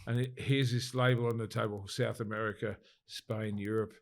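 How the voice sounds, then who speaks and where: A man with a lowish voice tells a story as a podcast guest. He talks casually and with energy, and he swears freely. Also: flat delivery, moderate pace. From Australia.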